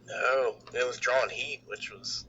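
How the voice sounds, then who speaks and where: A man's voice: medium pitch, fairly even intonation, measured pace, sharp tone, breathy edge, lo-fi sound. A man co-hosting a casual wrestling podcast, speaking hesitantly with lots of fillers. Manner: hesitant, filler-heavy, laughs often. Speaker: podcast co-host.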